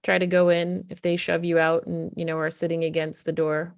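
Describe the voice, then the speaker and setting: A woman parenting coach gives casual, emphatic advice to camera, acting out what a parent might say to a child. Her lowish voice is creaky yet clear and resonant, with little pitch movement and a slightly fast pace.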